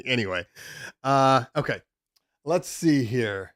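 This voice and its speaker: Man, DJ stream host, casual Q&A, rambling with ums, dry close mic, mid-pitched voice. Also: moderate pace, no room sound. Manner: loose and rambling, many ums and restarts. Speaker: DJ podcast host. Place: home studio room.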